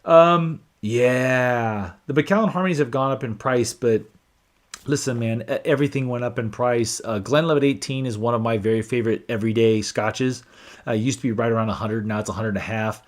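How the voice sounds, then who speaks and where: A man talks casually on a live stream about whiskey, reading viewer comments aloud as he goes. His voice sits in a mid-range pitch, and his speech is loose and chatty, full of restarts and fillers. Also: fairly quick. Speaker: whiskey channel host.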